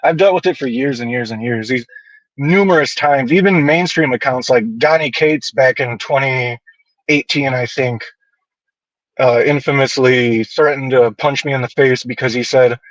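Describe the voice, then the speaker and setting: A man's voice: mid-range voice, moderate pace, no echo. A man guesting on a casual podcast tells his stories bluntly and swears a lot, with a mid-range voice. His audio sounds dull and a little lo-fi. It is also dry, with no room sound. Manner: blunt, profane, animated storytelling.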